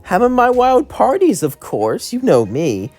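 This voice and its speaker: Guy putting on bubbly party girl angel, squeaky highs, kinda unhinged. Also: wildly swooping pitch, measured pace, darkish tone, exaggerated voice. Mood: giddy. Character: giddy party-loving young angel woman.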